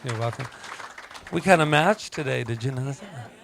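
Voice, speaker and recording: A man's voice: medium pitch, animated, normal speed, vocal fry, crowd noise, noisy background. A man preaching a sermon as a minister, joking in a conversational way and then turning emphatic. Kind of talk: playful sermon. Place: church service.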